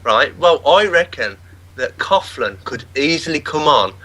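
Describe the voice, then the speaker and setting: A man with a bright, forceful voice teases and jokes through casual panel banter. His pitch sits in the middle, with a faint hiss under the line. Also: animated, unhurried, poor audio. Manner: teasing, joking.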